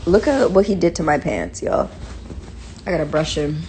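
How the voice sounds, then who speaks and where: Indoors at home, a young woman with a New York accent runs a casual phone livestream, chatting in slang with viewers and cooing baby talk at her puppy. Her voice sits low with a warm tone, very animated, at a moderate pace. She is a social media personality, and the audio has a slight hiss or hum.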